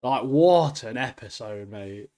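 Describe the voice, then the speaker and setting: A man, co-hosting a podcast in excitable, slangy casual chat. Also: medium pitch, takes it slowly. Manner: excitable, slangy, keeps saying mate. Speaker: podcast co-host.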